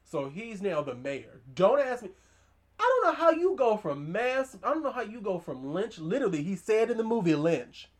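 Woman podcast host, casual movie recap, emphatic and slangy, mid-pitched voice. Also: normal speed, few pauses. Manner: animated, emphatic storytelling with slang and asides.

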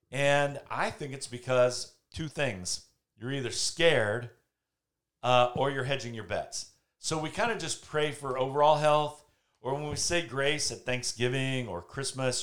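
A man of middle pitch talks about prayer in a loose, conversational way, speaking from home. He is a lively storyteller who slips into quick voices for the people in his stories. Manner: animated storyteller, acts out quotes. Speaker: podcast host. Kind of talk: casual faith talk.

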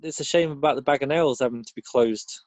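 A man co-hosting a casual podcast, telling jokes in a dry, deadpan way. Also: mid-range voice, quick pace, dry recording. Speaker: podcast co-host.

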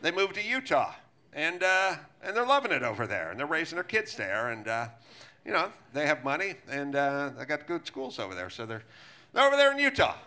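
A breezy, evasive middle-aged politician, as a man does him in a lower voice than his own, rambling loosely and sliding away from any straight answer. The tone stays light and unbothered. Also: huge pitch swings, fairly quick, bright, forceful tone, heavily acted. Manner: rambling, dodging.

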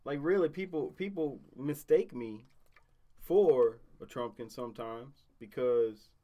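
A man's voice: medium pitch, a little slow, warm tone. A man in casual banter, crude and teasing, cross-questioning his co-host.

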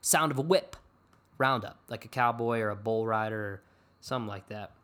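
A man's voice: lowish voice, normal speed, fairly bright tone. Rambling, joking man hosting a podcast. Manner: rambling, self-deprecating, joking. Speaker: podcast host. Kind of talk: casual fantasy sports podcast chat.

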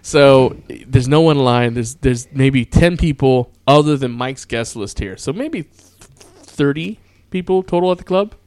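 A man's voice: mid-range voice, a little slow, few pauses, a little mellow, no echo. A man casually telling a wild night-out story, swearing freely and breaking into laughter. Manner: profane, laughing, quotes people in voices.

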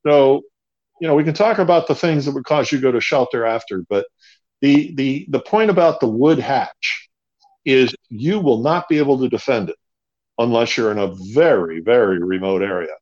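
A man's voice: medium pitch, lively intonation, moderate pace, a little mellow, dull audio. A man being interviewed as a guest, talking emphatically, hammering points home by repeating words. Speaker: bunker company founder, interview guest. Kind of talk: conversational interview.

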